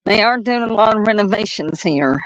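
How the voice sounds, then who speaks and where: A woman's voice: mid-range voice, animated, muffled recording. A woman with a Southern accent from the North Carolina mountains, chatting and laughing while walking outdoors at night, talking into a phone. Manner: chatty and laughing, drawn-out stories. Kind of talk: casual chat.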